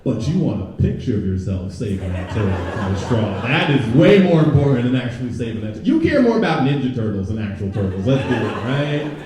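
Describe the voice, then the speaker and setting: A young man performing a stand-up comedy set, chatting with the crowd and jumping into loud mocking voices. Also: medium pitch, big pitch swings, fairly quick, few pauses. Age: young adult. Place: comedy club stage before a live audience. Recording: very echoey room, from a distance.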